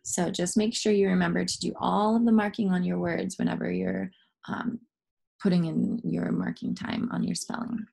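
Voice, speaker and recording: Young woman teacher, kinda low and gravelly, walks kids thru phonics slow and encouraging. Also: little pitch movement, darkish tone. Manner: patient, step-by-step, encouraging. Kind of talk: phonics lesson for young students.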